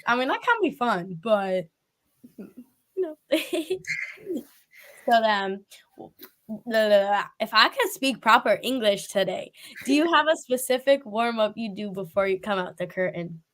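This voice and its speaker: A woman's voice: medium pitch, expressive, a little slow, long pauses, a bit bright. A woman hosting a casual interview, chatty and rambling with lots of fillers and laughter.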